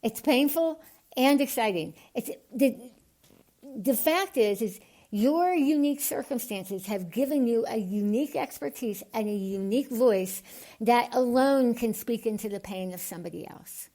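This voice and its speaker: A woman from the United States, a podcast guest, speaking with a lisp and an unusual voice altered by tongue surgery, earnest and animated. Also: on the high side, normal speed. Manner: earnest, animated, gets excited. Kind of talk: podcast interview.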